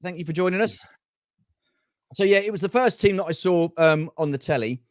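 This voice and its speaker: A man's voice: high-pitched, fairly quick, dry recording, studio quality. A middle-aged man co-hosting a livestream, chatting casually about football and greeting viewers by name. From England. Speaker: livestream co-host.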